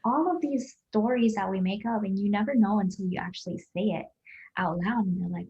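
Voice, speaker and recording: A woman's voice: mid-range voice, a little fast, a little mellow, roomy sound, highs cut off. A woman hosting a podcast interview, chatting casually and gushing with enthusiasm. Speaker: podcast host.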